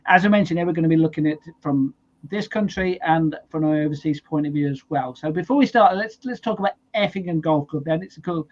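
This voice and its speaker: A man's voice: on the high side, a little fast, darkish tone. A man hosting a podcast, chatting casually as he runs through news. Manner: chatty, friendly news roundup. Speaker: podcast host. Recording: dull lo-fi sound.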